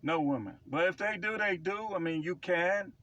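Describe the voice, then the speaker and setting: A man's voice: sits high, moderate pace, a bit bright, muffled recording. Blunt, emphatic man preaching advice. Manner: blunt, emphatic, repeats himself for stress. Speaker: self-described prophet giving life advice. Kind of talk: casual preaching monologue to camera.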